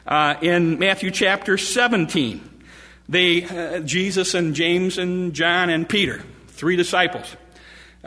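A man preaching a sermon, retelling scripture stories in plain everyday speech, animated, with frequent restarts. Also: high-pitched, long reverb tail.

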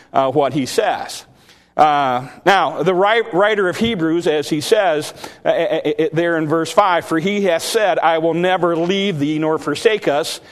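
Man, preacher, high voice, earnest sermon, halting restarts, long church reverb.

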